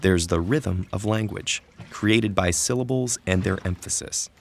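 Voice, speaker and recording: A man giving calm, measured scripted narration for an educational lesson. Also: deep voice, a little hiss or hum. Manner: calm, measured, slows for quoted verse. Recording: soft music underneath.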